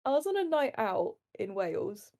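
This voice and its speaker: A woman's voice: medium pitch, very animated, normal speed, creaky, darkish tone. A young woman, co-hosting a casual podcast chat and telling stories with laughs and casual swearing. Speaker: podcast co-host.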